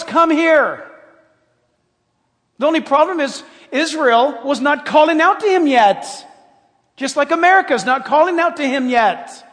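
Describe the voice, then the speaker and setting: A man pastor preaching a sermon with emphasis, swinging between loud passages and hushed ones. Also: extremely high pitch. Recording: long hall reverb.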